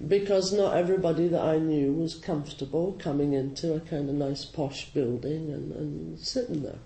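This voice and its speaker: A man with a Scottish accent, a Zen teacher giving a slow, gently humorous and reflective dharma talk. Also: on the high side, fairly even intonation, gravelly. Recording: roomy hall with faint ambience.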